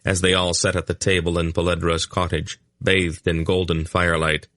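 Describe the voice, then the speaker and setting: Deep-voiced male audiobook narrator. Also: level tone, normal speed, a bit bright, no room sound, studio quality. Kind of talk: scripted narration.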